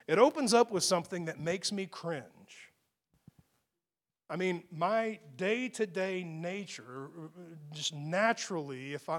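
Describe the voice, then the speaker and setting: A man's voice: on the high side, a bit bright. A man preaching a conversational, self-deprecating sermon that builds to emphatic peaks. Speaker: pastor.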